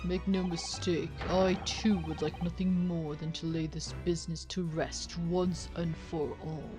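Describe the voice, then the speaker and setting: A woman playing a grave, measured courtroom judge. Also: lowish voice, steady tone, over music, pitched below the performer's own voice, natural voice. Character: stern older male judge in a courtroom.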